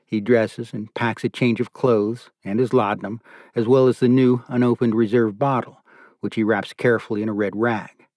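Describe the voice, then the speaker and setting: A man giving a calm, measured scripted narration of a novel. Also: medium pitch, dry recording, clean studio sound. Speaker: audiobook narrator.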